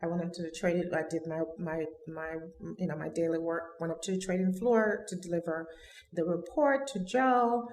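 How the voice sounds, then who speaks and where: A woman's voice: fairly low pitch, fairly even intonation, moderate pace, darkish tone. A middle-aged woman, a podcast guest, telling her personal career story in an earnest, reflective way. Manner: earnest, reflective, many restarts. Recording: roomy echo.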